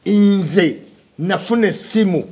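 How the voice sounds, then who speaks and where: A man chatting on a talk show, animated and storytelling, mixing English words into his speech. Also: high-pitched, a little slow. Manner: animated storyteller, mixes English into Luganda, often asks "okitegeera?". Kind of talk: casual political chat.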